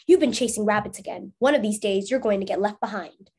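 A woman reading the part of a tall, thin young frontier man in a storybook, gently scolding a dog. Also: mid-range voice, quick pace, husky, lightly acted.

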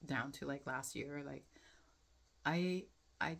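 A woman's voice: low-pitched, fairly even intonation, measured pace, creaky. A young woman vlogging to camera in a casual, rambling way, full of fillers and reflective asides. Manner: chatty, frequent fillers, laughs often, reflective.

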